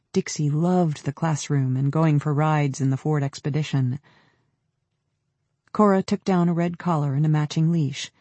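A man narrating an audiobook in a measured, descriptive storytelling manner. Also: fairly high pitch, creaky, mellow, dry recording. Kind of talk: scripted narration.

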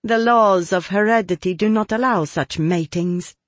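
A man's voice: sits high, dry recording, voice pushed up. Man playing a prim, learned young woman. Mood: composed. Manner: formal, measured, no contractions.

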